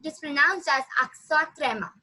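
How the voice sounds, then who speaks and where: A woman teaching a language lesson, patiently repeating words slowly for her student. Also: high-pitched, bright, forceful tone, poor audio. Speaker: French teacher.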